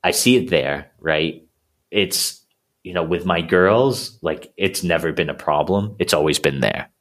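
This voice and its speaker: A man's voice: low-pitched, a little slow, fairly bright tone. A man in his thirties talking through his thoughts as a coaching client, rambling with lots of fillers and restarts. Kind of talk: casual conversation.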